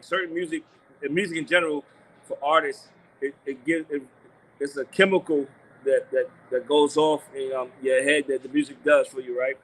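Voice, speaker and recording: A man's voice: fairly high pitch, a bit bright, a little hiss or hum, low-quality recording. A man guesting on an interview, speaking loosely, thinking aloud with many fillers and restarts. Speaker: guest music producer and DJ. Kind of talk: casual interview talk.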